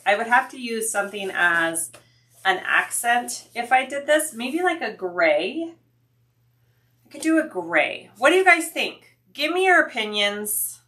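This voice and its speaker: A woman's voice: medium pitch, bright, forceful tone. A woman hosting a sewing livestream, chatting casually with viewers, thinking aloud and answering their comments.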